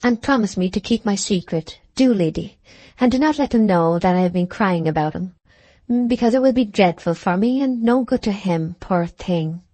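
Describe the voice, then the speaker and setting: A woman's voice: medium pitch, lively intonation, moderate pace, warm tone, dry recording, natural voice. A woman playing a proud, lovesick young mistress. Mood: pleading. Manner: heightened, emotional period speech. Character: proud, passionate young woman farmer, anxious.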